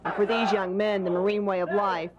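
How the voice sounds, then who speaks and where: News guy reading his script, steady and measured, crowd noise behind him. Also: sits high, muffled recording. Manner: even, measured delivery. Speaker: news reporter.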